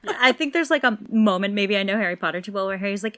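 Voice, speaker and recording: A woman's voice: medium pitch, fairly quick, few pauses, fairly bright tone, no echo, studio quality. Woman podcast co-host telling stories. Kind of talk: casual chat.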